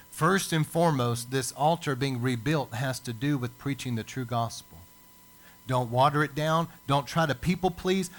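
A male pastor preaching a sermon, building emphasis with dramatic pauses. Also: fairly high pitch, a bit bright. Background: church service.

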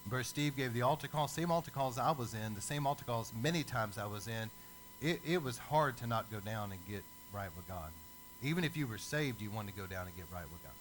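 A man preaching a sermon as a lively storyteller who acts out the people in his stories. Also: medium pitch, fairly quick, slight background noise, low-quality recording.

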